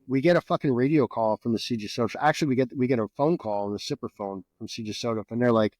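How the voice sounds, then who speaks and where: Middle-aged guest from New Jersey, swears freely, animated storyteller, dry close sound. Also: male voice, medium pitch, quick pace, dry recording. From New Jersey, USA. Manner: profane, animated, repeats words. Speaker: guest, Green Beret veteran. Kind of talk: casual storytelling.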